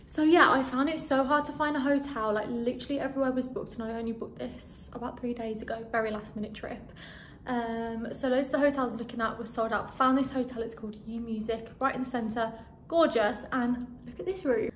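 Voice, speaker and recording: A young woman in her twenties chatting excitedly in a casual travel vlog, a little out of breath, showing off her hotel room. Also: fairly high pitch, fairly quick, a little hiss or hum. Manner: chatty, bubbly, easily excited. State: slightly out of breath. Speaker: vlogger. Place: hotel room in hot weather.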